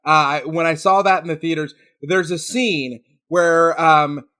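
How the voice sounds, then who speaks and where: A man with a high, bright voice tells stories on a podcast. He sounds animated and indignant. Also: measured pace. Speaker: podcast co-host. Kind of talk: casual chat.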